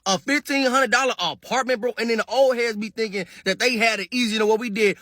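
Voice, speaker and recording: Young man, slangy indignant rant, high voice, dry close sound. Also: quick pace, sharp tone, dry recording. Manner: slangy, indignant, says bro. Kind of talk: casual rant to camera.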